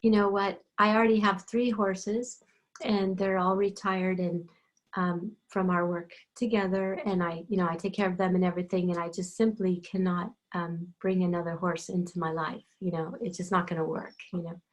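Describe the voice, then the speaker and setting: A woman's voice: fairly low pitch, flat delivery, moderate pace, natural voice. A woman voicing a flustered horse owner who talks in an overwhelmed, apologetic way.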